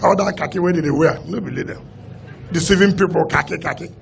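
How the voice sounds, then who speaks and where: Combative Nigerian man with gravelly voice. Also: high voice, a little fast, slight background noise. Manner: combative, repetitive and emphatic. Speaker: state governor and party leader. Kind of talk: press statement.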